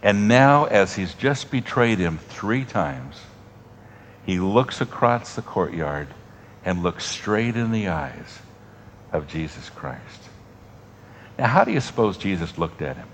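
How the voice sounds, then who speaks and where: A deep-voiced male pastor delivering a sermon, rising to strong emphasis and then dropping to hushed, intimate lines. His pacing is deliberate, with dramatic pauses between phrases. A faint hiss of noise sits under the recording. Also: big pitch swings. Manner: dynamic preaching, drops to soft near-whispers, long dramatic pauses.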